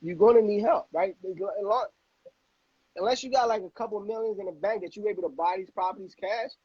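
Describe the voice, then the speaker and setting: Fast-rambling high-voiced man, husky and dry. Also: no room sound, lo-fi sound. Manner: animated, rambling with repeated words and slang. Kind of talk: casual chat.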